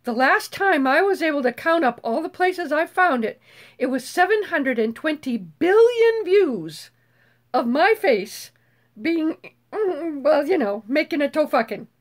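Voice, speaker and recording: An older woman hosting a casual live chat, bubbly and foul-mouthed, who swears freely and screeches when excited. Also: high voice, a little slow. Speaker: YouTube host.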